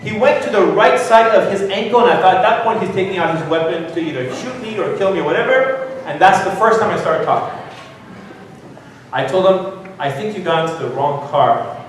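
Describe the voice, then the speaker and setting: A man telling a funny personal story as a guest speaker at a conference, animated and jokey. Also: fairly quick, slight background noise. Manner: animated, jokey, rises high when excited. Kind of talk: humorous personal storytelling talk. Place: conference hall. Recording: very echoey hall, distant mic.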